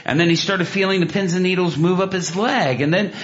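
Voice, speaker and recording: A man preaching and telling a story, animated, with many restarts and asides, jumping into loud, high bursts when he acts out what people said. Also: a little fast. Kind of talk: sermon storytelling. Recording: dull lo-fi sound.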